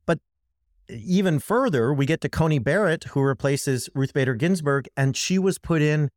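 A man's voice: fairly high pitch, animated, moderate pace, dry recording, studio quality. Impassioned man in political commentary. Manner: impassioned, emphatic, addresses co-host directly. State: worked up. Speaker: podcast co-host.

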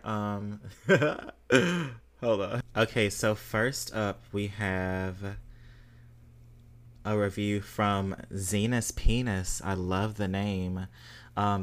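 A man's voice: fairly low pitch, fairly bright tone. A man hosting a podcast, chatting casually and reading listener reviews with playful, exclamatory bursts of emphasis. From Southern United States. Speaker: podcast host.

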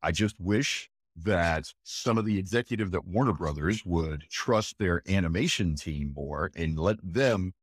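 A man's voice: low-pitched, unhurried, hardly any pauses, slightly rough, no echo, clean studio sound. A man who works as a voice actor, chatting in an interview, enthusiastic and emphatic, often tossing in "again" and "right?". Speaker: voice actor guest. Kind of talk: casual interview chat.

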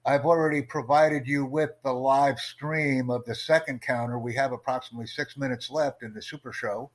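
A man with a mid-range voice talks in an even, smooth, promotional way as he runs a live-streamed chat. He stays calm and unbothered, almost salesman-like. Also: medium pitch, normal speed, rough recording.

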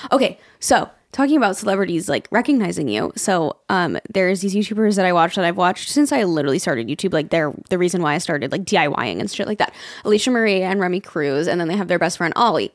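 A woman's voice: fairly low pitch, lively intonation, fast, no room sound, clean studio sound. A young woman co-hosting a podcast, talking in a chatty, rambling way and swearing freely. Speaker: podcast co-host. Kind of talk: casual podcast chat.

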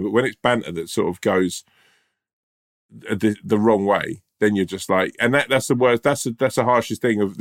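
A man's voice: on the low side, gravelly. A man co-hosting a podcast, talking casually and storytelling with lots of restarts and quoted voices. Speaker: podcast co-host. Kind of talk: casual chat.

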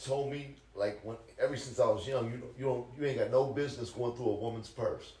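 A man's voice: medium pitch, brisk, darkish tone. A man with a mid-range voice joins a casual podcast chat, mostly dropping in short, emphatic and profane remarks. The room around him is echoey. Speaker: podcast co-host. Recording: roomy echo.

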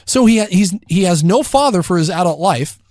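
A man chatting on a podcast, telling stories and voicing the people he quotes. His voice is high-pitched and the recording is dry and close, with no room around it. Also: lively intonation, brisk, a little mellow, no echo. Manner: storytelling, acts out quoted characters. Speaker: podcast co-host. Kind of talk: casual chat.

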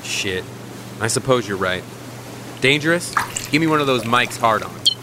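A man's voice: medium pitch, expressive, moderate pace, noisy background, close to an everyday voice. A man voicing an eager young guy pushing his friends to move.

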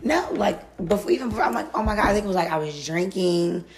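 A young woman hosting her podcast in a casual chat, her voice hoarse and nearly gone, chatty and giggly. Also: lowish voice, lively intonation, crowd noise. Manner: giggly, chatty, drawn-out exclamations. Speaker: podcast host. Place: vacation rental room.

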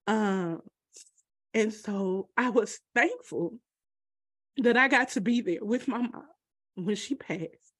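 A woman telling a personal story, halting and emotional, with many pauses and fillers. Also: medium pitch, a bit bright, slightly rough, dry recording, clean studio sound.

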